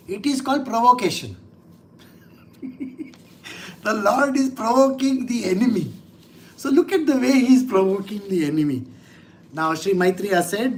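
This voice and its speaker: A man's voice: high-pitched, animated, measured pace, long pauses, rough recording. A man gives a scripture lesson as a spiritual teacher, reading verses and then explaining them casually. His talk is conversational and often broken by little chuckles.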